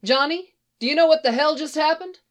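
A blunt older farm mother, brisk and dry, scolding with no patience for nonsense, as a woman reader voices her. The voice stays close to an everyday storytelling tone. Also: fairly high pitch, animated, natural voice.

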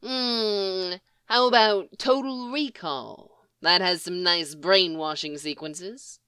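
A woman voicing a sly, dry man, a thief who teases mildly with a slow drawl in a storybook reading. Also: on the low side, bright, forceful tone, smooth, dry recording. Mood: teasing. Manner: drawling, mild, teasing.

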